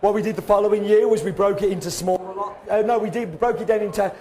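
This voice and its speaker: Man, hoarse voice, fairly high-pitched, self-mocking storyteller, casual podcast chat. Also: steady tone, quick pace, mellow. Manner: chatty, self-mocking storyteller, acts out quotes. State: hoarse, voice going. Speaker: podcast host and coffee roaster.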